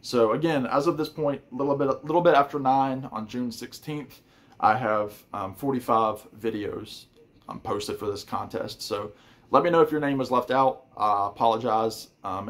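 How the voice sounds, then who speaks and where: A man in a relaxed YouTube vlog, running through names of fellow channels one after another. He talks in a friendly, rambling way with frequent ums and uhs, at an ordinary middle pitch. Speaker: YouTube music channel host. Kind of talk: casual shout-outs to viewers.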